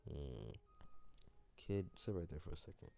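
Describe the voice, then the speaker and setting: A man voicing a gruff young man who bluntly takes in a kid. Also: a bass voice, lively intonation, a little slow, dark tone, slight background noise, heavily acted.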